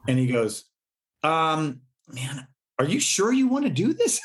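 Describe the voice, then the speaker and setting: A man's voice: a little high, slow pace, pauses often. A middle-aged man, a musician, telling stories in a casual interview and acting out quotes with laughs. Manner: animated storyteller, laughs and acts out quotes. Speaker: musician guest.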